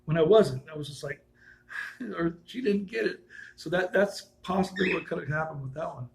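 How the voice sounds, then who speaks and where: Gravelly, rambling man telling stories. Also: a little high, moderate pace, poor audio. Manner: rambling, with frequent restarts and self-corrections; chuckles while telling stories. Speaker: vlogger telling personal stories. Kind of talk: casual personal storytelling.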